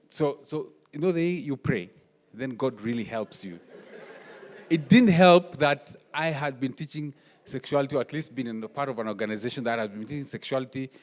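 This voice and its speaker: A man speaking at a workshop, animated and anecdotal, playing out conversations as he tells them. His voice sits at an ordinary middle pitch for a man. The sound carries the long reverb of a conference hall. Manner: animated, acts out family dialogue. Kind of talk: storytelling workshop talk.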